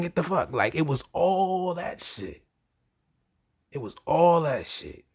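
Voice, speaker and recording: A man hosting his own podcast in a casual, profane monologue, swinging between low murmurs and loud animated bursts. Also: creaky, slightly rough, dry recording, clean studio sound. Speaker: podcast host.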